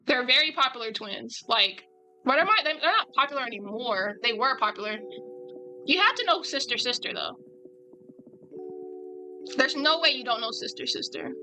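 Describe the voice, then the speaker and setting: A woman's voice: sits high, lively intonation, normal speed, pauses often, rough recording. A woman chatting casually and animatedly with her viewers while drawing live, in a rambling style.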